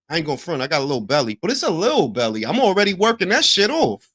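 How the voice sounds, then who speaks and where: A man in his fifties with a high, bright voice, heated and profane as he rants in casual chat. His pitch swings widely and his tone has a sharp edge. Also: huge pitch swings, very fast, slightly rough. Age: 50s. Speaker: podcast co-host.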